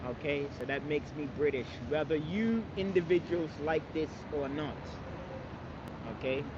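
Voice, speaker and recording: A man's voice: fairly high pitch, unhurried, highs cut off, very noisy. A man speaking in an outdoor park debate, emphatic and casually profane, who keeps pressing listeners with "you understand, man?". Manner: swears casually. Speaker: street speaker at a public speaking corner.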